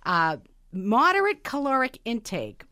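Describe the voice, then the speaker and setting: A woman's voice: fairly high pitch, wildly swooping pitch, a little slow, bright, forceful tone, dry recording, clean studio sound. A woman chatting casually on a talk show, going through points from a list and adding her own stories.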